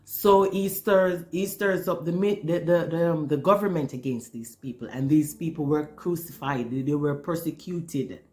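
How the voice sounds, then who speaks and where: Emotional spiritual testimony, earnest speaker, repeats words, mid-pitched voice, faint music behind. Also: unhurried, a little mellow. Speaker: spiritual storyteller.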